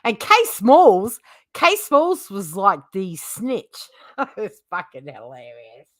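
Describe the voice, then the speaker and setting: A woman's voice: mid-range voice, sing-song, slow, fairly bright tone, no room sound, clean studio sound. A woman hosting a livestream who gossips casually, swears freely and laughs often. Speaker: livestream host.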